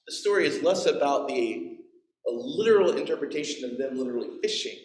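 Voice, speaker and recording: A man's voice: on the high side, reverberant, rough recording. A man in his forties preaching a sermon, telling the story with playful asides and acted-out quotes. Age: 40s. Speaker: pastor. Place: church.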